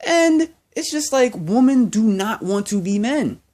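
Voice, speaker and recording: A man's voice: very high voice, lively intonation, a little slow, a little mellow. A young man ranting in a vlog monologue, profane and heated, repeating himself as he goes. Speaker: vlogger.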